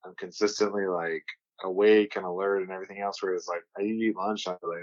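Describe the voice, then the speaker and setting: A man's voice: sits low, steady tone, a little fast, dry recording, highs cut off. A man hosting a podcast in casual chat, rambling with lots of "like" and "uh". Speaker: podcast host.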